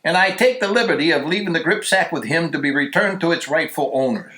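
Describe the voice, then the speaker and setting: Male reader voicing a small-time crook, matter-of-fact, stiffly formal, bright tone, church echo. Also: a little high, lively intonation, fast talker.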